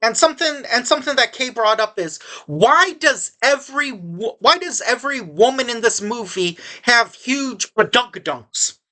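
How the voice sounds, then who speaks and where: A woman's voice: on the high side, animated, moderate pace, hardly any pauses, bright, forceful tone. Sarcastic, rambling woman reviewing a movie. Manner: sarcastic and exasperated; rambling, with frequent restarts. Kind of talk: casual spoken movie review.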